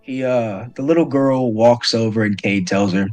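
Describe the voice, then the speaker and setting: A man running a tabletop game as game master, narrating the scene at an ordinary, middling pitch. He stumbles and restarts his phrases often. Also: moderate pace, a little mellow, faint music behind.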